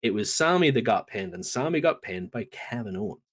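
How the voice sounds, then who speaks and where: A man's voice: on the low side, a little fast, husky. A man co-hosting a podcast, chatting casually and animatedly as he recaps events and acts out what people said. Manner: animated storyteller, acts out quotes. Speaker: podcast co-host. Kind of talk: casual wrestling recap chat.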